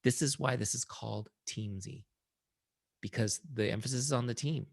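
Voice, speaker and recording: A middle-aged man hosting a casual webinar, chatty and warm, telling stories and often checking in with "right?". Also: medium pitch, moderate pace, vocal fry, no room sound, studio quality. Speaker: webinar host and software founder.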